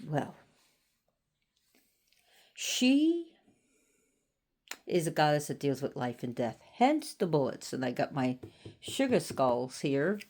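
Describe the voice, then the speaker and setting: A Floridian woman with a rumbling, low, sing-song voice and a darkish tone talks at normal speed. She's giving a casual, rambling presentation on an occult subject, chatty throughout and often circling back with "so anyways."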